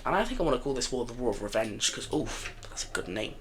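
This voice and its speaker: A man's voice: mid-range voice, sing-song, fast, hardly any pauses, noisy background. A young man casually narrating a map game, rambling and joking and often correcting himself as he goes. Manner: rambling, chatty, jokey, often corrects himself mid-sentence. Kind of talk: casual commentary over an alternate-history map game.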